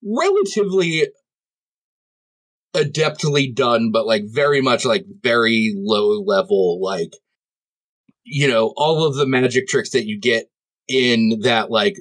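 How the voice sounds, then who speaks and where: A man's voice: medium pitch, expressive, slow pace, fairly bright tone. A man playing a tabletop game, describing scenes in a rambling way with lots of fillers. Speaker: player.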